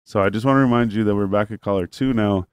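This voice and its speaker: Guy ranting about a phone call, lots of swearing, lowish voice, smooth and dry. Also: fast talker, darkish tone, dry recording. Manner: rambling, profane, acts out both sides of a phone call. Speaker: storyteller in group chat. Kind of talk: casual storytelling to friends.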